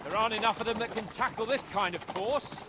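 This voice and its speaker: A man's voice: high-pitched, fast talker, noisy background, lightly acted. An actor playing a brash, foul-mouthed medieval nobleman in a game. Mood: gruff. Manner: coarse, swearing. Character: brash medieval male nobleman, coarse and boastful.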